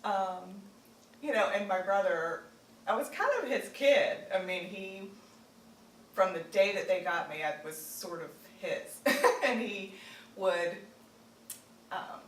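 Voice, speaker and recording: A woman from Virginia telling a personal family story, halting with many fillers and restarts. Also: medium pitch, fairly bright tone. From Virginia, United States. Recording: roomy echo, distant mic, faint noise.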